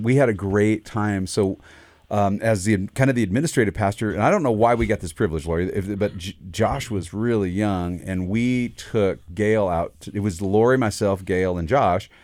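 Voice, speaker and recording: A pastor speaks in a fairly low voice and reminisces in relaxed talk-show chat. He laughs easily and tells stories in a warm, friendly way. The sound is close and dry, with no room echo. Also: normal speed. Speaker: pastor and radio show co-host. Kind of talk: casual conversational chat.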